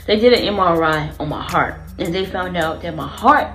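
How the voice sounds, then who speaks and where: A woman's voice: lowish voice, lively intonation, moderate pace, fairly bright tone, soft background music, rough recording. Earnest woman telling a personal story. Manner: earnest, emotional, repeats phrases as she recalls. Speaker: vlogger sharing her illness story.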